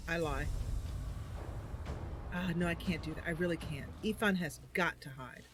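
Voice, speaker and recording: A woman's voice: low voice, normal speed, long pauses, background noise. A woman streaming a game, chatting and muttering her plans to herself as she plays. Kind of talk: thinking aloud while playing.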